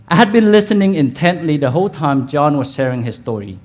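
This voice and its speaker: A man with a Vietnamese accent, a dentist, telling his story in an animated keynote speech at a hotel event, asking the audience questions. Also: fairly high pitch, brisk, few pauses.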